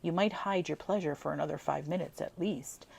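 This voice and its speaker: A woman's voice: sits low, fairly quick, vocal fry, a little mellow, husky, full character voice. A woman reading aloud, voicing a moody young man who fumbles for words with the girl he loves. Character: gloomy, tongue-tied young man in love.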